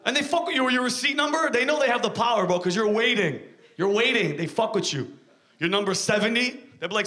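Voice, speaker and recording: A comedian from New York works through a profane, ranting stand-up set on stage. His voice sits high for a man and sounds bright and sharp. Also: lively intonation, fast talker.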